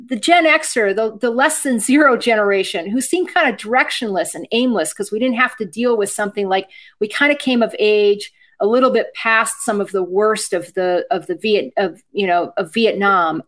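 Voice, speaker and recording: A Gen X woman from Michigan hosting a podcast, talking earnestly and rambling with many fillers and restarts. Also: medium pitch. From Michigan, USA. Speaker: podcast host. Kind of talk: casual podcast chat.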